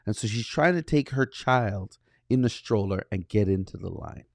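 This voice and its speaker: Gravelly man telling a story. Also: lowish voice, moderate pace, dry recording, studio quality. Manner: animated, acts out dialogue. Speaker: podcast co-host. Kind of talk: casual storytelling.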